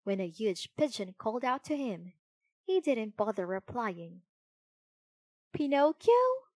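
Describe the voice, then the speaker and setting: A woman narrating a children's storybook in an expressive, unhurried way. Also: mid-range voice, dry recording.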